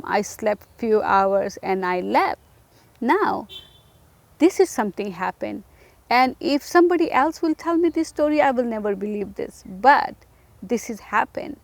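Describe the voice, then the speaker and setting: A woman's voice: mid-range voice, unhurried, creaky, dry recording. A woman giving an emotional personal testimony, talking earnestly to the listener and repeating phrases for emphasis. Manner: direct address to the listener.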